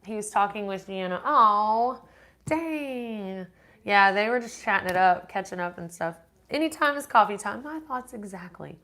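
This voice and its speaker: Hosting a laid-back live-stream Q&A, this woman speaks briskly in a medium pitch with a fairly bright tone. She reads out comments from viewers and chats her way through rambling answers, frequently starting over.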